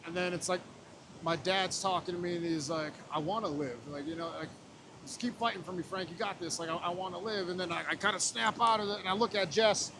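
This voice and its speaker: A man's voice: high voice, brisk, background noise. Emotional man telling a raw story. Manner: raw, emotional, swears often, retells scenes with quoted voices. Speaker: podcast guest. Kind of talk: personal storytelling in casual talk.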